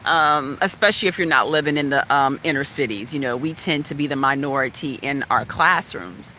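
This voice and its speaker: A woman from West Virginia frankly telling a personal story in a chatty, animated way. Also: a bass voice, brisk, slight background noise. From West Virginia, USA. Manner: frank, animated, chatty, laughs now and then.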